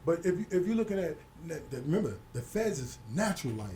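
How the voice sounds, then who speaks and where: Middle-aged New man, higher voice. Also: big pitch swings, fast talker, mellow, slight background noise. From Hollis, Queens, New York. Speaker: interview guest. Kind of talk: casual storytelling interview.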